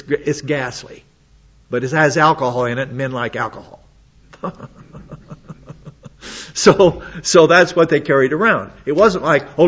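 A man's voice: mid-range voice, fairly bright tone, dull audio. A man preaching a sermon, reading Bible passages aloud and breaking in with casual, plain-spoken comments. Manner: reads scripture aloud then adds quick casual asides.

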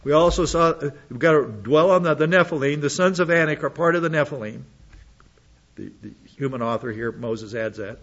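A man's voice: a little high, fairly quick, fairly bright tone, highs cut off. A man preaching an expository sermon, reading scripture aloud and commenting on it with blunt sarcasm.

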